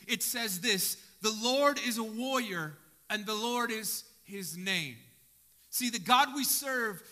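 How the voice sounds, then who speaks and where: A male pastor preaching an impassioned sermon, dropping to a hush and rising to shouts. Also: sits high. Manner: impassioned, swinging from hushed to shouting.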